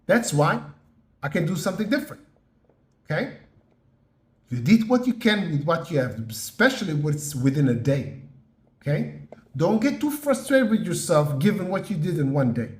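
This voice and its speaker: A man giving an earnest motivational talk, slow and emphatic, often checking in with "yeah?" and "okay?". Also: fairly high pitch, echoey room. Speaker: motivational podcast host.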